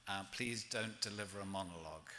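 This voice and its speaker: Male professor, low and very bright voice, halting intro, echoing hall with faint hum. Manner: halting, with many ums and restarts. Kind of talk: formal introduction. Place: lecture hall. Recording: reverberant hall with faint room noise.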